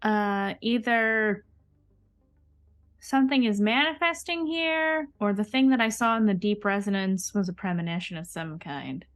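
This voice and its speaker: Bright-voiced woman chatting at a tabletop game. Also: medium pitch, a little slow, no echo, soft background music. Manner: animated, chatty, apologetic, laughs often. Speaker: player. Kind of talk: casual tabletop play and chat.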